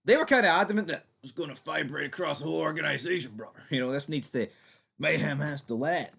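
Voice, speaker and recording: A man's voice: on the high side, lively intonation, fast talker, vocal fry, fairly bright tone, breathy edge. A man hosting a fan theory channel, giving his opinion in a chatty, emphatic way with some swearing. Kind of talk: casual opinion commentary.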